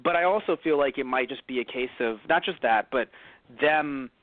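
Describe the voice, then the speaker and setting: A man's voice: mid-range voice, normal speed, no room sound, phone-quality sound. An American man co-hosting a podcast in casual chat, rambling with lots of fillers and restarts. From United States. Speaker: podcast co-host.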